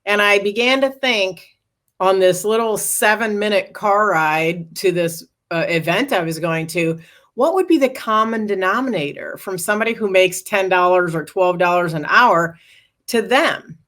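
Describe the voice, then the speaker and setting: A woman's voice: medium pitch, moderate pace. A middle-aged woman, a guest author and speaker, earnestly recounting a personal story in an interview. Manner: earnest, animated retelling with acted quotes.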